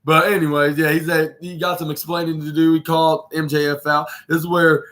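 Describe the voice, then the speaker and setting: A man's voice: a little high, flat delivery, fairly quick, fairly bright tone. A man hosting a podcast, recapping a wrestling show in a rambling, casual way with lots of fillers and restarts. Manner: rambling, many fillers and restarts, acts out quotes. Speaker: podcast host.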